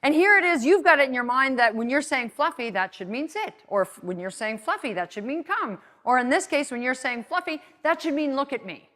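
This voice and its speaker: Upbeat woman dog trainer, slightly high voice. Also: very animated, a little fast, hardly any pauses, sharp tone. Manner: upbeat, checks in with frequent "okay?". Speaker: dog trainer teaching a class. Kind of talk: live class instruction.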